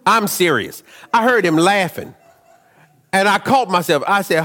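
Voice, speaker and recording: A man preaching a sermon, telling stories in an animated way, dropping to low asides and rising to shouts. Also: unhurried, long pauses, long reverb tail.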